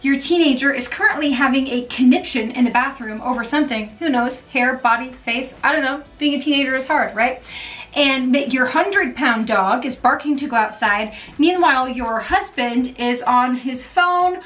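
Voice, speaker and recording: A mom vlogger gives casual, encouraging vlog talk, chatty and often checking in with her listeners with "okay?" and "all right?". Her voice is high and a bit bright at normal speed, picked up by a distant mic.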